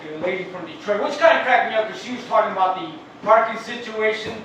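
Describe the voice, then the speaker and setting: A man's voice: high voice, fast talker, a little hiss or hum. A man doing a crude, rambling stand-up comedy set at an open mic. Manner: crude, rambling, loud joke delivery. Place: club or open mic in Los Angeles. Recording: echoey room, mic far off, faint ambience.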